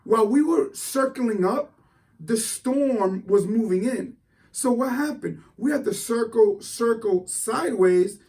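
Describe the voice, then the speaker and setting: A man giving a motivational talk, telling a story in an animated, excitable way with frequent restarts. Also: very high-pitched, measured pace, far from the mic. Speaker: motivational speaker.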